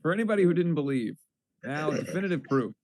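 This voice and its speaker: A man's voice: fairly high pitch, lively intonation, quick pace, darkish tone. A man in his thirties hosting a casual chat, riffing with dry jokes. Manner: dry, joking riffs. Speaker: host.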